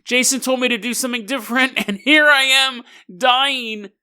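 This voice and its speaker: A man voicing a male talking crocodile in a comic storytelling bit, in a bright, fairly high voice. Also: steady tone, moderate pace, clear, resonant tone, exaggerated voice. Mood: comic dismay. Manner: comic, theatrical delivery. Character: talking crocodile, male, grumbling then grand.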